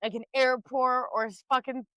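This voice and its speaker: High-pitched, profane young woman. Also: fairly even intonation, moderate pace, clear, resonant tone, no echo, rough recording. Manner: profane, loud storyteller. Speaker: podcast co-host. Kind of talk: casual chat.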